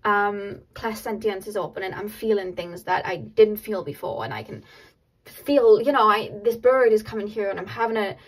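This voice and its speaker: A woman giving a casual pick-a-card tarot reading to her viewers, excitable and laughing often between many filler words. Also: mid-range voice, moderate pace, rough recording.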